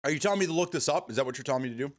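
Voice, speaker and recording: A man's voice: a little high, racing. A man hosting a live stream, chatting casually with viewers, rambling and swearing freely as he answers chat.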